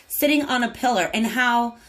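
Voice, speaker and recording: A woman's voice: a little high, moderate pace, a bit bright. A woman giving a casual tarot reading, chatting to viewers and talking to the cards as she goes. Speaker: tarot reader.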